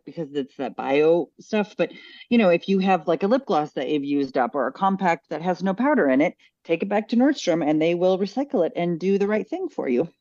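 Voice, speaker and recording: A woman's voice: lowish voice, a little mellow, dry recording. A woman co-hosting a casual style chat show, explaining news items with lots of ums and uhs. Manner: chatty, many fillers. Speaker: co-host sharing news. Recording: dull lo-fi sound.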